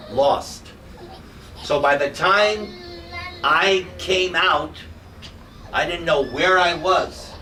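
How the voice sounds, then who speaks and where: A man leads a devotional class, telling stories with humor and feeling. He speaks at an unhurried, drawn-out pace in a slightly raised voice. He is picked up from a distance, with steady room noise behind him. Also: on the high side. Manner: humorous, emotive storytelling. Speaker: devotional teacher. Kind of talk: spiritual class talk with storytelling. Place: hall in front of a live group. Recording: distant mic with noisy room ambience.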